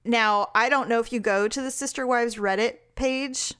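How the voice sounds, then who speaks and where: A woman co-hosting a casual gossip chat, telling stories in an animated, sarcastic way. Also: fairly high pitch, moderate pace, clear, resonant tone, no room sound, studio quality. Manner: chatty, sarcastic, animated storytelling. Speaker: podcast co-host.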